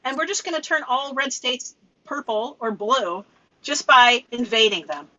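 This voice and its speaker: Bright high-voiced young woman, lo-fi mic. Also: expressive, unhurried. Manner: playful, giggly, teasing. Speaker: podcast co-host. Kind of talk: casual comedic chat.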